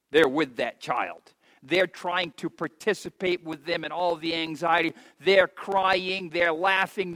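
A man in his fifties preaches an impassioned sermon with a high-pitched voice. He swings between soft, drawn-out stretches and loud, emphatic bursts. The recording is dry and close, with no room sound. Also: no room sound, rough recording. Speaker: pastor. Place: church.

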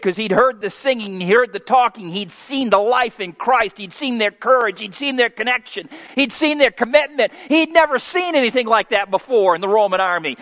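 A man in his fifties preaching a sermon as pastor, folksy and homespun, moving from quiet asides to loud, emphatic preaching. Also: extremely high pitch, animated, normal speed, hardly any pauses. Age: 50s. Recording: long hall reverb.

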